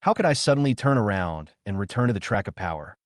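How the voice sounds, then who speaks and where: A man narrating a first-person story recap in a calm, steady storytelling manner. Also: on the low side, fast talker, no echo, studio quality.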